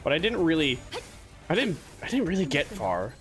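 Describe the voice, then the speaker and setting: A man's voice: on the high side, very animated, moderate pace. A man casually commenting on his gameplay as a streamer, playful and rambling, laughing and chatting with viewers. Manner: playful, rambling, laughs often, talks to chat. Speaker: VTuber streamer. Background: game music and game character voices.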